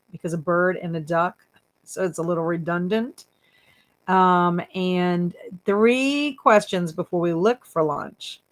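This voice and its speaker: A woman hosting a casual livestream, giggling often as she reads viewer comments aloud and teases her chat. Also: lowish voice. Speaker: booktube livestream host.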